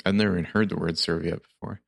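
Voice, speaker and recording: A man's voice: deep voice, fairly even intonation, fast, creaky, slightly rough, no echo, clean studio sound. A man co-hosting a podcast, making laid-back, wry asides in casual movie chat. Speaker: podcast co-host.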